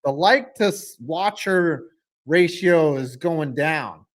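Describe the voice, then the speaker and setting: A man hosting a live stream, reacting to a football game, calling plays and reading viewer chat aloud in a joking, excitable way. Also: high voice, slow pace.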